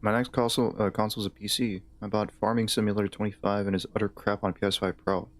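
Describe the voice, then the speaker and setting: Rambling streamer with a Southern drawl. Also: male voice, on the low side, level tone, fast talker. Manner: rambling, hesitant, many restarts. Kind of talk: casual gaming stream chat.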